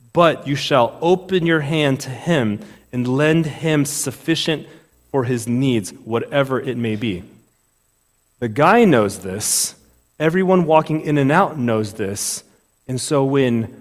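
A man preaching a sermon in a conversational, animated way, often asking rhetorical questions. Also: on the high side, big-room sound. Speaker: pastor.

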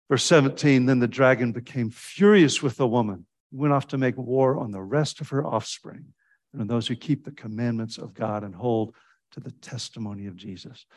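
A man preaches a sermon with a mid-range voice, talking in a loose, conversational way. He leaps upward in pitch when he acts out what people said, then drops back low and soft. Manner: animated storytelling with sudden pitch jumps when quoting; fillers and restarts, conversational preaching.

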